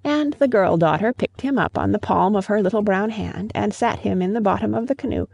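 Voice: medium pitch, brisk, gravelly, darkish tone, husky, no echo, highs cut off. A storyteller reading a fable aloud in a storybook manner, speaking fondly to the listener. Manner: addresses the listener as "best beloved". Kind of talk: storybook narration.

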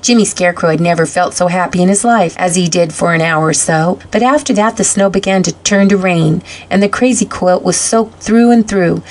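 A woman reads a classic children's story aloud at a steady pace. Her voice sits in a middle register, and her reading is clear and expressive. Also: mid-range voice. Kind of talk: read-aloud storybook narration.

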